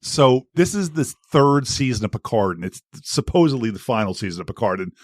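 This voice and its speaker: A man in casual podcast chat, joking as he talks over the others. His voice sits at an ordinary middle pitch. The sound is dry and close. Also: sing-song, fairly quick, no room sound. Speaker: podcast co-host.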